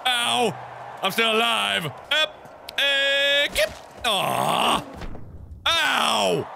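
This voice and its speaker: A man in his twenties doing excitable let's play commentary, yelling, cackling and trash talking the game goofily. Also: very high voice, extremely slow, vocal fry, long pauses, a little hiss or hum. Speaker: gaming video host.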